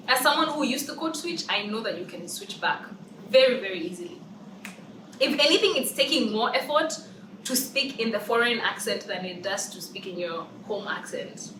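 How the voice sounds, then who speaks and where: A woman's voice: mid-range voice, expressive, normal speed, background noise. A young woman with a Kenyan accent, giving opinions in a casual vlog and hammering her points home by repeating them. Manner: emphatic, repeats phrases for emphasis. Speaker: vlogger. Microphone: camera's built-in mic, no external mic. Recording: roomy and distant from the mic.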